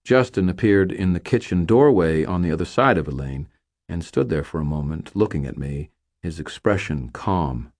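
Deep, husky male audiobook narrator. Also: expressive, moderate pace, a little mellow, no room sound.

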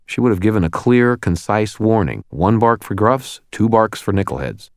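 A man voicing a dry-humored wizard detective in an audiobook, talking with sardonic, deadpan asides. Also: lowish voice, moderate pace, dry recording, pitched above the performer's own voice. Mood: wry.

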